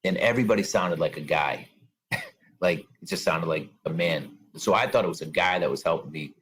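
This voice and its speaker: Very deep-voiced man recounting. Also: fairly quick, fairly bright tone, slightly rough. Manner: plain, conversational storytelling. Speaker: guest, bombing survivor. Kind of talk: personal account in an interview.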